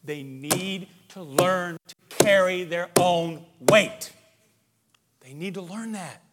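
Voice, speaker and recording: A man's voice: sits high, slow, heavy background noise. A middle-aged man giving a plain-spoken, emphatic talk to parents, often repeating words as he goes. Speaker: speaker on parenting. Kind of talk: preaching-style talk to parents.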